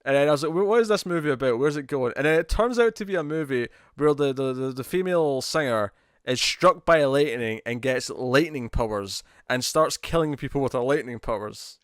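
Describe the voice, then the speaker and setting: A man's voice: mid-range voice, animated, normal speed, a bit bright, clear, resonant tone, no room sound, studio quality. A man co-hosting a podcast, chatting casually and rambling about movie trailers with lots of restarts. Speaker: podcast co-host.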